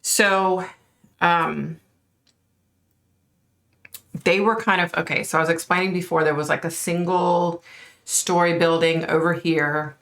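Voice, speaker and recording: A woman's voice: fairly low pitch, fairly even intonation, measured pace, long pauses, fairly bright tone. A woman vlogger recounting a psychic vision in a loose, rambling way, full of fillers. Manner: rambling, many fillers, points at an imagined map. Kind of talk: casual storytelling to camera.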